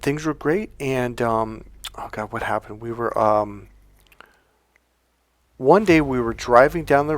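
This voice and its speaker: A man with a middle-pitched voice tells a personal story in a relaxed, rambling way. He swears casually and often stops to correct himself. A faint music bed sits quietly under his voice. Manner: rambling, self-correcting, swears casually, acts out past dialogue. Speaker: dating and relationship coach.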